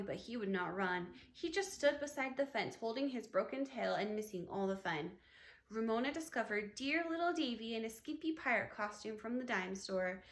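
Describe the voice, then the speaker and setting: A woman teacher reads a children's chapter book aloud, telling it with lively expression. Her voice sits fairly high, and the room adds a noticeable echo. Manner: expressive storytelling. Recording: echoey room.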